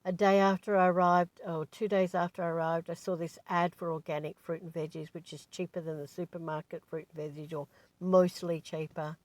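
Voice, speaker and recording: A woman's voice: on the low side, little pitch movement, fairly quick, a little mellow, no echo. A woman, a spiritual teacher, talking in a chatty, digressive way, full of asides. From Australia. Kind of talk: casual rambling monologue.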